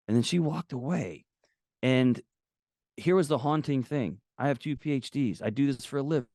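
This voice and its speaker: A man guest on an interview podcast, telling personal stories in a candid, animated conversational way. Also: medium pitch, fairly quick, dry recording, clean studio sound. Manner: candid, animated, acts out quotes. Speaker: guest author. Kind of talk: casual conversational storytelling.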